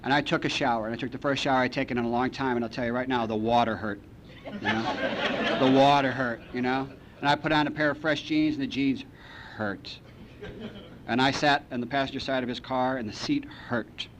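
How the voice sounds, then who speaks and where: A man speaking at a recovery meeting, telling his story with lively acted-out phone calls and repeated lines. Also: brisk. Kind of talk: storytelling talk to an audience. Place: meeting hall. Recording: archival talk recording with faint rumble.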